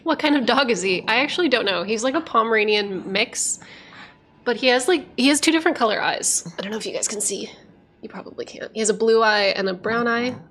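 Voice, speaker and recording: A woman's voice: fairly high pitch, brisk, a bit bright. Giggly, chatty woman game streamer. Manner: giggly, chatty, baby-talks to her dog. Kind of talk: casual live-stream chat.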